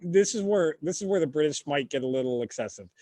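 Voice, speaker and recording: Male podcast co-host, lively and profane storyteller, slightly high voice, dry sound. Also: fast talker, no echo. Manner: animated, swearing, jumps into shouted impressions. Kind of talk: casual history chat.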